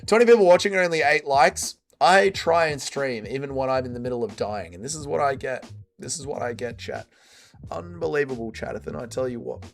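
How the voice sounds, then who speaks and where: A man's voice: medium pitch, brisk, vocal fry, soft background music. An Australian man hosting a casual livestream, reading out chat comments with blunt, crude banter, his voice tired and sore. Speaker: livestream host.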